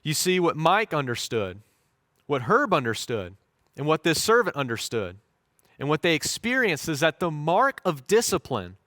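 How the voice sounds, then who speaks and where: A male pastor giving a sermon with a fairly high voice, telling his story with lively voiced quotes. The sound is dry and close, with little room echo. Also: moderate pace.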